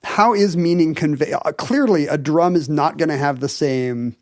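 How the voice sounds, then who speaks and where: A man with a fairly high voice explains a topic on a podcast, looping through fillers and restarts as he goes. The sound is dry and close, with no room around it. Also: normal speed, a little mellow, no echo. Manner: enthusiastic explainer, hedges with fillers. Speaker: podcast co-host. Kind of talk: casual explanatory chat.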